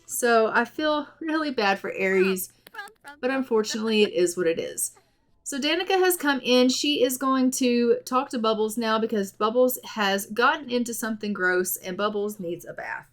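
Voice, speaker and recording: A woman's voice: a little high, normal speed. A woman giving casual, chatty let's play commentary on a life-sim game, doting on the characters. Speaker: gaming channel host.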